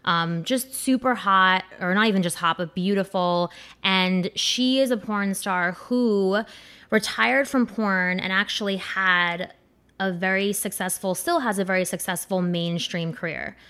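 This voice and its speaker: A woman's voice: mid-range voice, unhurried, sharp tone. A young woman giving a casual, rambling countdown commentary, crude and full of fillers like "like" and "um". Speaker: commentator ranking adult performers.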